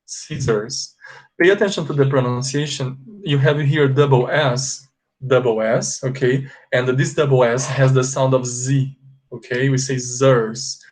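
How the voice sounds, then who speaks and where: A native Portuguese speaker with a Brazilian accent teaches an English lesson online in a mid-range, fairly even voice. He slowly repeats words for pronunciation and often checks in with "ok?".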